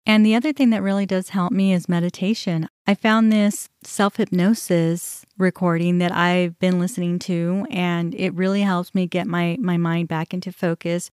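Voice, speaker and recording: A woman's voice: lowish voice, flat delivery, moderate pace, hardly any pauses, darkish tone, smooth, no echo, clean studio sound. A middle-aged woman hosting a podcast, telling a personal story in a candid, conversational way with many fillers. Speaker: podcast host.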